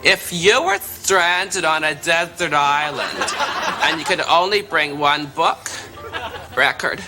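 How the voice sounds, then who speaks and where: An actor playing a flamboyant, catty gay socialite, delivering an arch, mocking sketch monologue with studio audience laughter behind. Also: male voice, on the high side, expressive, takes it slowly, over music. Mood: arch, gossipy.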